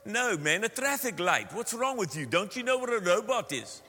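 A man's voice: sits high, big pitch swings, moderate pace, sharp tone, slightly rough, voice pushed up, full character voice. Man doing a blunt Afrikaans-accented local. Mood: incredulous. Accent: Afrikaans South African English. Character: blunt South African local giving road directions. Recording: sermon in a reverberant hall.

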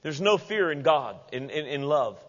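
A man preaching in a fairly high voice, lively and playful, slipping into other people's voices as he quotes them. His sermon rings through a large hall with long reverb, and the recording sounds dull and lo-fi. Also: normal speed. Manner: animated, acts out quoted voices with humorous asides. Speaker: pastor.

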